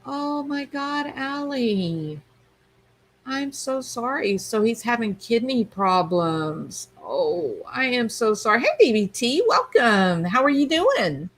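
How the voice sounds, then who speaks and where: A woman's voice: fairly high pitch, very animated, slow, rough recording. A woman hosting a livestream, chatting casually and reading viewer comments aloud. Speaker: livestream host reading chat. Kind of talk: casual chat.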